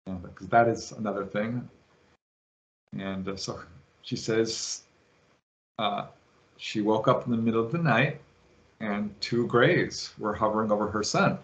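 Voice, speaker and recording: A man guest on an interview show, retelling a witness's story with lively quoted voices. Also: fairly low pitch, unhurried, long pauses. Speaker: guest, UFO researcher.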